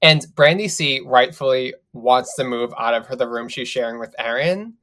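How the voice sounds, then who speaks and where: A podcast co-host recapping a reality show in casual, animated chat, swearing freely and laughing often. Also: medium pitch, normal speed.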